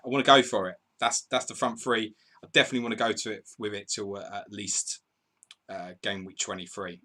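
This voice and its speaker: A man's voice: fairly low pitch, bright, forceful tone. A man hosting a live football stream, reading viewers' comments and calling match updates in a chatty, bantering way. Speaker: podcast host.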